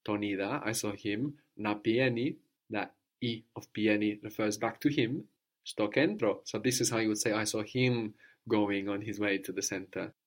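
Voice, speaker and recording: A man's voice: fairly low pitch, normal speed. Patient man teaching a language lesson. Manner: patient, prompting questions, repeats answers. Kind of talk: one-to-one Greek lesson.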